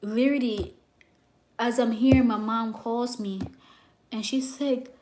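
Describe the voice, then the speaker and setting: A young woman who works as a psychic reader, telling a story to her viewers in a brash, animated way and swearing freely. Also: a little high, takes it slowly, long pauses.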